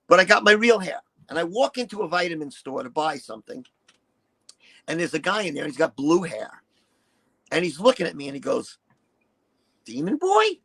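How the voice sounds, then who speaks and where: A man in his sixties, a retired performer telling candid stories in an interview, profane and animated, acting out what people said. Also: on the high side, brisk, breathy edge, poor audio. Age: 60s. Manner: profane, animated, acts out quotes. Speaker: interview guest, retired shock-rock performer.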